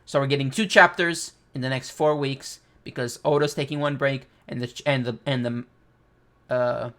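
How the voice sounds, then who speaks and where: Excitable man reacting to a comic. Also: mid-range voice, normal speed. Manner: excitable, reads panels aloud, thinks out loud. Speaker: manga reaction host. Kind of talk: casual comic reaction commentary.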